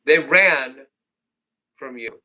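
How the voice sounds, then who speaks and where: A man's voice: mid-range voice, very slow, pushed and bright. A man hosting a livestream group call, chatting casually and jokingly, often repeating himself. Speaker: livestream host.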